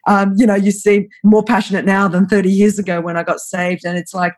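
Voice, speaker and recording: A woman in her fifties, a guest on an interview podcast, telling her story in an earnest, urgent, fast-flowing way. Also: mid-range voice, level tone, a little mellow. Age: 50s. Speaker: guest, anti-trafficking founder.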